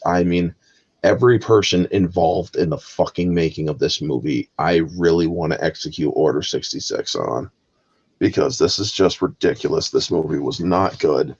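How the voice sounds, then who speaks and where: A man's voice: low-pitched, moderate pace, a little mellow, breathy edge, lo-fi sound. A man hosting a heated live movie review, ranting with constant swearing. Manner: profane, exasperated ranting. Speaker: host.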